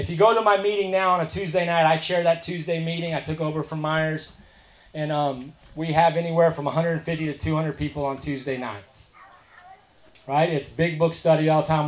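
Man telling his story in an echoey room. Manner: storytelling, quoting others in a softer, lower voice. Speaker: speaker sharing his recovery story. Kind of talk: recovery meeting talk.

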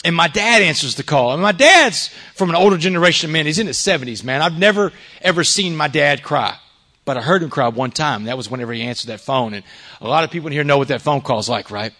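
A middle-aged man shares his recovery testimony with a live audience. He talks fast, in a voice pitched on the high side. He is earnest, moving between loud emphasis and hushed confession. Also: animated. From Texas. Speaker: recovery speaker.

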